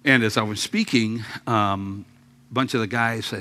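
A man preaching a sermon to his congregation, telling a story with jokes, dropping to quiet murmurs and then rising to loud outbursts. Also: on the low side, steady tone, normal speed. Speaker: pastor. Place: church sanctuary.

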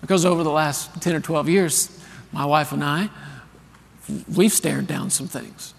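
A fairly high-pitched, creaky male voice, a little slow, rings out with a long reverb tail. It belongs to a pastor in his thirties preaching in a large church hall, telling a story with animated earnestness and urging the congregation to call back.

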